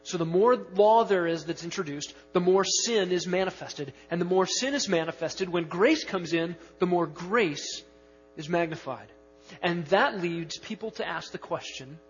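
A man preaching a sermon as pastor, emphatic, stretching key words slowly and rushing through asides. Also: high voice, faint music behind. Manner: emphatic, swings between slow stressed words and quick asides. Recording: dull lo-fi sound with long reverb in a hall.

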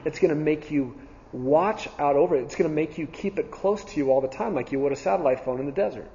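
A man's voice: a little high, quick pace, dark tone. A man teaching a Bible class in a church setting, earnest, repeating key phrases with frequent ums and restarts. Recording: dull sound with long reverb in a hall.

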